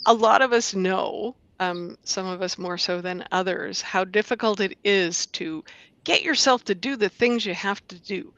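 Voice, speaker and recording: A woman's voice: mid-range voice, a little slow, a bit bright, dry recording. A woman hosting a casual interview, talking conversationally and affirming with short replies. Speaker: host. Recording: dry, dull lo-fi sound.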